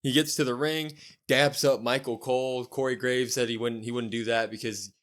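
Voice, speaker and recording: A man co-hosting a casual podcast, retelling events in an animated play-by-play way with loose slang. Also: medium pitch, moderate pace. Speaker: podcast co-host. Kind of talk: casual chat recapping a wrestling show.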